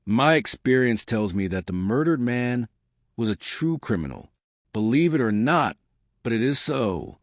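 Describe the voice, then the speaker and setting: A man's voice: mid-range voice, big pitch swings, measured pace, no room sound, studio quality. A man voicing a talkative, boastful Italian salesman who pours out his words. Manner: chatty and boastful.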